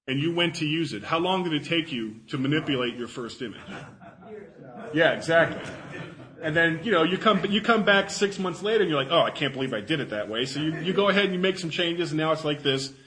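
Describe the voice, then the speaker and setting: A man speaks to a live audience in a bright, forceful voice. He is chatty and loose, repeats words while thinking, and jokes at his own expense as he answers questions. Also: a little high, fairly quick, rough recording. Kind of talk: casual talk to a live audience. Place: talk before an audience.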